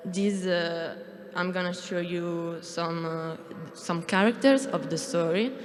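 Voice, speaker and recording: A young woman presents her film project from a stage, nervous and full of hesitations. She talks slowly, and a long hall reverb trails her voice. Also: lowish voice. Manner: hesitant, many fillers, halting. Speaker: animation student presenter.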